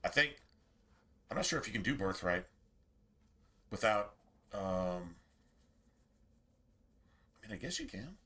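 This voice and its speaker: Fairly low and sing-song, this man's bright, forceful voice moves slowly with frequent pauses as he streams a game. It's casual livestream chat, rambling and profane, aimed directly at his viewers.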